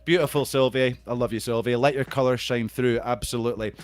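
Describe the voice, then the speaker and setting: A man's voice: medium pitch, steady tone, fairly quick. A middle-aged man with a Scottish accent hosting a live stream on a video call. He banters casually and reads out viewer comments, swearing freely.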